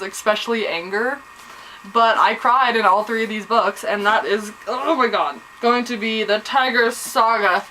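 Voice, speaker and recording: Young woman book vlogger, excitable and gushing, bright and slightly high voice, faint background noise. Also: poor audio. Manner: gushing, excitable, full of exclamations. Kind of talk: casual chat to camera.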